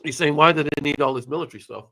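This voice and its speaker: A man, hosting and questioning his guest in a measured way, summing up the points raised. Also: on the high side, crowd noise. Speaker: host. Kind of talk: interview questioning.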